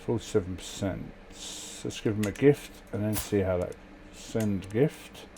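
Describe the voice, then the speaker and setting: A man's voice: lowish voice, a little slow, gravelly, dark tone, slight background noise. A man casually commentating a strategy game, sleepy and yawning, reading event text aloud with wry muttered asides. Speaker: gameplay commentator.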